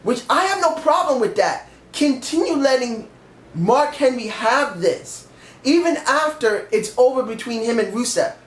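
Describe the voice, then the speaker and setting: A man's voice: extremely high pitch, sing-song, measured pace. A man giving a rambling, emphatic and candid casual review of a wrestling show. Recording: echoey room.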